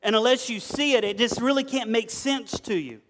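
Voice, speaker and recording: A man's voice: very high-pitched, moderate pace, a bit bright. A man preaching to a group, telling funny stories folksily and acting out the people in them. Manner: folksy, storytelling, acts out quoted voices. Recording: long hall reverb.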